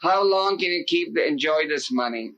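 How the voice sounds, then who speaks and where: A man giving an animated sermon as a spiritual teacher, emphatic and pleading, acting out the voices he quotes. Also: on the high side, moderate pace. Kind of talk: sermon to a live gathering. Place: indoor hall with an audience. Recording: dull lo-fi tape recording.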